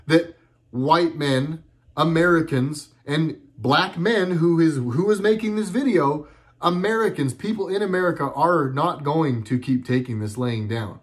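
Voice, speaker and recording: Earnest, halting middle-aged man, slightly high voice. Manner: rambling, earnest, halting with many restarts. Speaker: video blogger. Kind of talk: casual monologue to camera. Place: at home.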